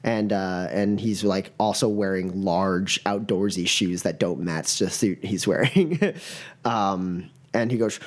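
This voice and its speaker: A man narrating as game master, halting with many fillers. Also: deep voice, steady tone.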